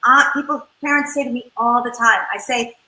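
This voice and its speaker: A woman family therapist giving advice in an interview, lively and demonstrative as she acts out what parents and children say. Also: on the high side, a little fast, reverberant, poor audio.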